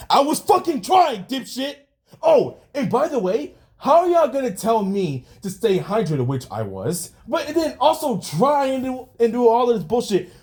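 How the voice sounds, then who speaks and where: A young man rants into the camera, yelling and cursing as he vents his frustration. His voice sits high for a man and lurches up and down in pitch with every outburst. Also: big pitch swings, normal speed. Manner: yelling and swearing, venting frustration. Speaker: vlogger. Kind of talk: angry rant vlog.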